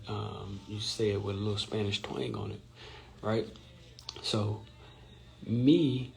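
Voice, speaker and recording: Low, flat, gravelly man explaining. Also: rough recording. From Louisiana. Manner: explanatory, often checks in with "right?". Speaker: host. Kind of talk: informal live-stream talk. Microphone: phone or computer mic on a social-media live stream.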